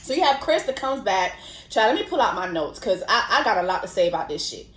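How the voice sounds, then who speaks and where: A young woman hosting a casual commentary vlog, telling the story in an animated, slangy way with lots of swearing. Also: mid-range voice, quick pace. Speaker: host. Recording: roomy echo.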